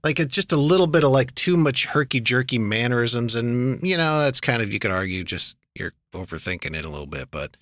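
A man's voice: mid-range voice, lively intonation, fairly quick, few pauses, fairly bright tone, no echo, clean studio sound. A man hosting a casual talk show about TV, rambling with lots of fillers and wry asides. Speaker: podcast host reviewing TV shows. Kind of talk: casual chat.

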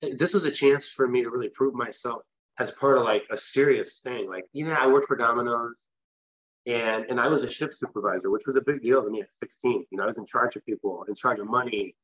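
A man's voice: mid-range voice, brisk, fairly bright tone, breathy edge, lo-fi sound. A man from the West Coast of the US, a guest telling a long personal story in a casual, rambling way with restarts. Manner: rambling, with restarts and filler phrases. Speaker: interview guest.

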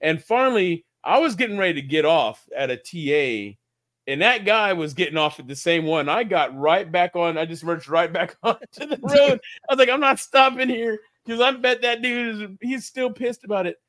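A man's voice: sits high, lively intonation, moderate pace, fairly bright tone. A man co-hosting a casual podcast, telling a long rambling story with restarts and laughs. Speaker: podcast co-host.

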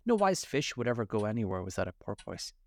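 A melancholy old mock turtle from a storybook, speaking slowly and solemnly, easily offended, as a man voices him. The voice sits low and dark with wide swings in tone. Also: very animated, creaky, dry recording.

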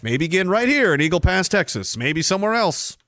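Canadian livestreamer here: a man whose high, sing-song voice comes across bright and forceful at a fairly quick clip, in clean studio sound without room echo. He delivers sarcastic, swear-heavy rants about the news and reads out what viewers comment.

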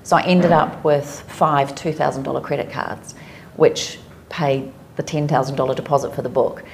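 Woman, New Zealand accent, low gravelly voice, candid storytelling, podcast guest. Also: steady tone, moderate pace, darkish tone, a little hiss or hum. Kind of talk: personal storytelling in an interview.

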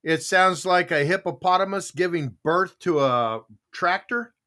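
Bright-voiced joking male podcast host. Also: a little slow. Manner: jokey, teasing, with high-pitched exclaims. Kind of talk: casual podcast chat.

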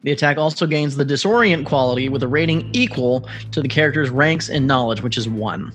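A man's voice: mid-range voice, brisk, fairly bright tone, soft background music. A man playing a tabletop game, thinking aloud and hesitating as he describes his character's moves. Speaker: player. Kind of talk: casual tabletop play.

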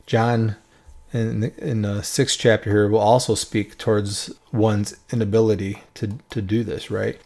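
A man with a fairly low voice teaches through Bible passages step by step. He keeps it conversational and informal, often tagging his points with a quick "right?" to keep listeners following. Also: level tone, creaky, a little mellow.

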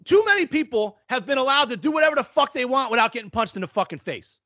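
A man's voice: very high voice, lively intonation, quick pace, sharp tone, no room sound. A man co-hosting a casual sports podcast, talking bluntly and with lots of profanity as he rants about football. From New Orleans area. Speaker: podcast co-host.

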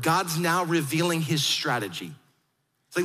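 A man preaching a sermon, retelling a story with lively acted-out quotes. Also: high voice, normal speed, in a large hall. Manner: animated storytelling, acts out quoted voices. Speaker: pastor.

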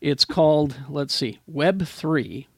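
A man's voice: fairly high pitch, lively intonation, slow, gravelly, dry recording, clean studio sound. A man hosting a casual live geek-culture chat show, rambling and self-deprecating, laughing often. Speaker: podcast host.

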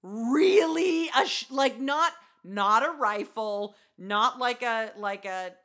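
A woman co-hosting a podcast in casual chat, animated and swearing freely as she rants. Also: on the high side, slow. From rural farm community. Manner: animated, swears a lot, ranting. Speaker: podcast co-host.

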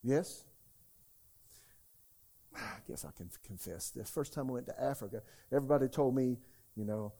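A man's voice: on the high side, expressive, moderate pace, mellow. A man preaching a sermon, emphatic and often calling out to the congregation. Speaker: pastor.

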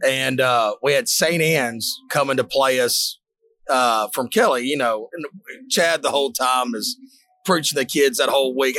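A man, hosting a casual chat and telling lively coaching stories, shouting out quoted lines. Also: medium pitch, moderate pace.

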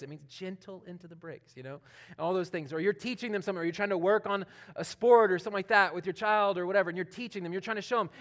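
A pastor's sermon in a loose, conversational style, delivered by a man with a notably high voice. He leans on casual fillers and moves between loud, emphatic phrases and hushed asides as he works through a passage.

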